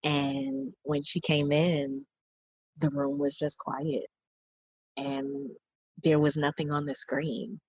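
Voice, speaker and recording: A woman's voice: sits low, slow, creaky, a little mellow, breathy edge, no room sound. A woman in her forties, a podcast guest, earnestly recounting personal experiences and quoting the people she spoke with. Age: 40s. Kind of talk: personal storytelling in an interview.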